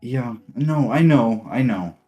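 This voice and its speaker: A man's voice: medium pitch, expressive, slow, dark tone, soft background music. A man voicing an antsy, caring young woman companion who talks hesitantly and stammers in a tabletop game. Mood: pleading.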